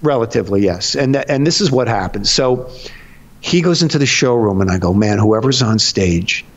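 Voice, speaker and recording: A middle-aged man from Connecticut, a comedian guest telling a story with lively energy and frequent high laughter, talking from his home. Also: moderate pace, highs cut off. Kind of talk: animated comic storytelling.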